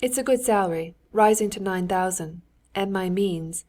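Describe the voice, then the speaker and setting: A woman's voice: medium pitch, normal speed, a little mellow, close to an everyday voice. A woman reading the lines of an eager, genial middle-aged nobleman in an audiobook, in a lightly raised, ingratiating tone.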